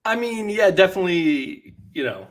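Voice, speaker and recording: A man co-hosting a casual reality show recap, relaxed and analytical. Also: sits high, normal speed. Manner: relaxed, analytical, some fillers. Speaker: podcast co-host. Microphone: video call.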